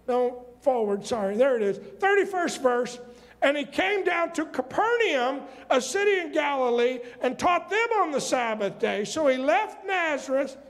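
A male pastor preaching a sermon, reading scripture and turning to the congregation with questions and asides. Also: very high voice. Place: church sanctuary. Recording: long hall reverb.

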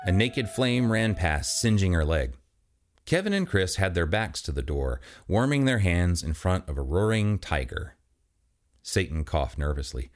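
A man hosting a story reading, introducing a comic tale and reading it with animated character voices. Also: measured pace, faint music behind. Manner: animated, swings into high put-on voices. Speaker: host and story reader.

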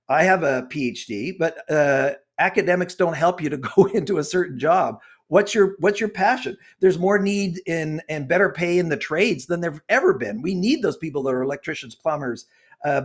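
A man's voice: on the high side, animated, moderate pace, breathy edge. A man in his sixties, a guest author and consultant, talking earnestly and getting worked up as he preaches his point in an interview. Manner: impassioned, preachy, gets worked up.

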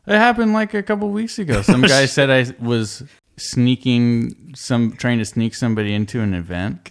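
A man in casual podcast chat, mostly listening and answering bluntly at a slow pace. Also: medium pitch, expressive. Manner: slow, laid-back backchanneling with blunt remarks. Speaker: podcast co-host.

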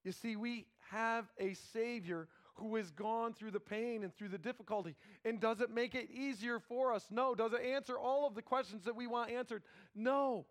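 Speaking with an extremely high-pitched male voice, a pastor preaches by retelling a scripture story. Earnest emphasis, casual asides and dramatic pauses mark his sermon.

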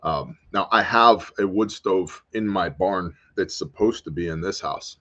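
A man's voice: sits low, measured pace, sharp tone. An American man hosting a livestream, chatting casually, joking around and answering viewer comments. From United States. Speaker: host. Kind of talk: casual livestream talk reading chat.

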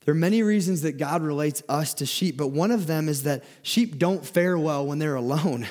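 Young guy giving a sermon, kinda high voice, earnest, keeps restarting words. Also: normal speed, a little mellow. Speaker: speaker giving a talk.

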